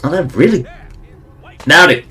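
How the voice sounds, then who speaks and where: A man's voice: a little high, lively intonation, unhurried, pushed and bright, faint music behind. A man streaming a game, giving casual, rambling commentary with wry asides and chuckles.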